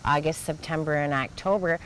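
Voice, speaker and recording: Low deep woman voice, chill casual chat, little bit of background hiss. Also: fairly quick, fairly bright tone, poor audio. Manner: agreeable, brief responses. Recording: faint background noise.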